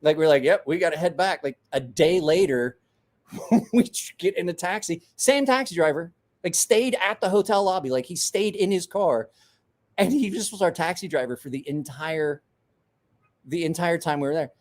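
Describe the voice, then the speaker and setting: A man's voice: on the high side, animated, normal speed. A man in his forties, a podcast host telling a rowdy story in casual chat, swearing, laughing and acting out the voices of the people he quotes.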